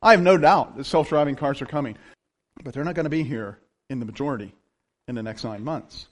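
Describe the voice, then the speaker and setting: A man preaching a sermon as pastor, telling stories in an animated way and often laughing. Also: medium pitch, fairly quick.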